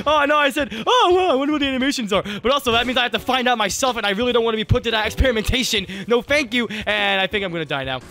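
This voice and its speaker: A man's voice: very high voice, fast talker, bright, forceful tone. A man giving joking, jumpy let's play commentary, yelping and laughing as he plays, recorded on a close mic with game music behind. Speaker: gaming YouTuber.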